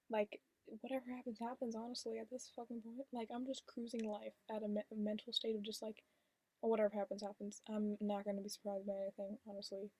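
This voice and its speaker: A teenage girl vlogging in a hushed, half-whispered confessional monologue, blunt and deadpan, swearing often. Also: on the high side, slightly rough, low-quality recording. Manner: half-whispered, kept quiet on purpose.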